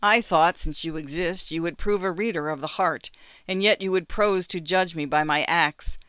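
A guilt-ridden murderer pours out his anguish in impassioned pleas, as a male reader puts him on. The voice is smooth and resonant. It is recorded dry and close. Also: a little high, normal speed, sharp tone, no room sound.

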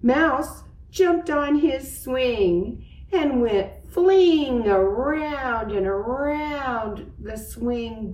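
A woman reading a children's picture book aloud slowly and expressively, acting out its sound effects. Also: a little high, a little mellow, far from the mic. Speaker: storyteller. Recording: roomy, away from the mic.

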